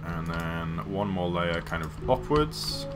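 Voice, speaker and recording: A British man streaming a block game, talking softly through his build and trailing off into quiet ums and asides. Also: sits low, expressive, slow pace, over music. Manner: soft-spoken and mumbling, full of ums and quiet trailing asides. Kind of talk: casual build commentary while streaming.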